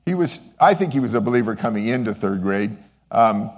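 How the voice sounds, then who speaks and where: A sentimental older man shares a testimony in the manner of a sermon. His voice sits a little low, and he talks in an earnest, halting way, often stopping to restart a thought. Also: animated, long reverb tail. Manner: sentimental, voice wavering with feeling. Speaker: lay speaker sharing a testimony. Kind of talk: sermon-style talk.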